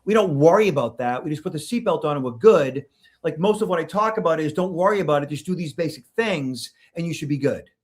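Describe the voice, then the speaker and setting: A man's voice: a little high, lively intonation, fast. A middle-aged man with a Boston accent answering interview questions bluntly and emphatically, often checking in with "okay?". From Boston, Massachusetts. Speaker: guest, security expert.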